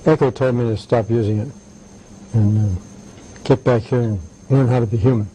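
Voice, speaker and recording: An older man being interviewed, telling anecdotes in a halting way with many "right"s and "uh"s. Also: mid-range voice, fairly even intonation, warm tone, slight background noise, poor audio. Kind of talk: conversational interview.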